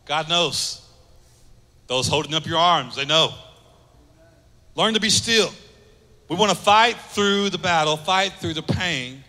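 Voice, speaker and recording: Man preaching a sermon, earnest, repeats himself for emphasis, higher voice, big echoey church. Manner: earnest, repeats phrases for emphasis, drops soft for key lines. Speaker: pastor.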